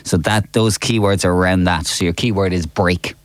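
A man's voice: deep voice, fairly even intonation, moderate pace, no room sound. A man hosting a breakfast radio show in a studio, chatty and teasing as he runs the games. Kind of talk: casual radio chat.

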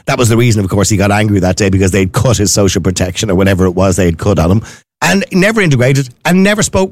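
A man's voice: medium pitch, no room sound. A man hosting a political interview, asking chatty questions and wandering off on tangents. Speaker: host.

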